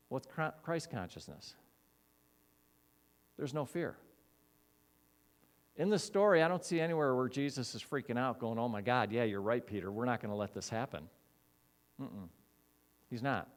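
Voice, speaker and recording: Animated man preaching a sermon. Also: mid-range voice. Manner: animated, acts out quoted voices, repeats key words. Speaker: minister.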